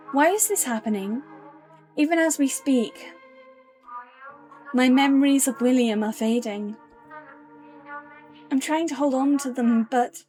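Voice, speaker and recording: A woman's voice: high-pitched, a little mellow. A woman voicing a distraught grieving mother who pleads and insists, over faint music in a game. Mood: pleading.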